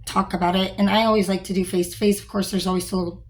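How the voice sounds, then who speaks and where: A woman's voice: mid-range voice, flat delivery, quick pace. A young woman, a store manager, talking frankly and rambling in a casual vlog, with many fillers and some swearing.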